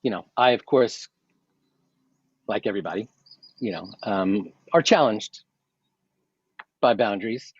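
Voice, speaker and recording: A man's voice: on the low side, measured pace, long pauses, husky, no room sound, muffled recording. A man joining a video call as a guest, chatting enthusiastically and heaping praise. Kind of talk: casual chat on a video call.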